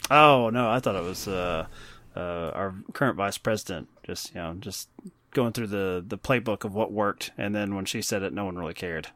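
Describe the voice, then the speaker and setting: A man's voice: fairly low pitch, moderate pace, a bit bright, dry recording. A man hosting a casual movie podcast, rambling and joking at his own expense. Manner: joking, rambling, self-deprecating. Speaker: podcast host.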